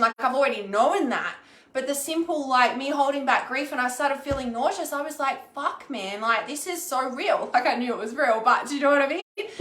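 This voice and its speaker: A woman's voice: high voice, fairly bright tone. A woman and intuitive healer talking candidly to her viewers, frank and sweary, peppering her speech with "like" and asking "okay?". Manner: frank and sweary, with frequent "like" and "okay?" check-ins. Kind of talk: casual, candid vlog talk to viewers. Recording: echoey room.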